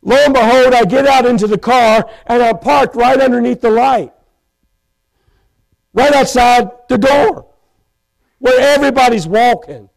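His voice is very high with vocal fry as he delivers a sermon testimony from a church pulpit, streamed live. Impassioned, he tells his own story, breaking into shouts and slowing down to stress key points. The recording sounds rough.

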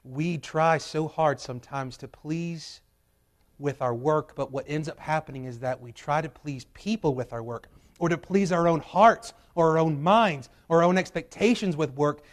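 A man preaches from the pulpit of a church, his voice set a little high for a man. His delivery is emphatic, climbing to loud, urgent peaks and then falling back to quiet, low drops. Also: moderate pace. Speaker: pastor. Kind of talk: sermon. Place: church sanctuary.

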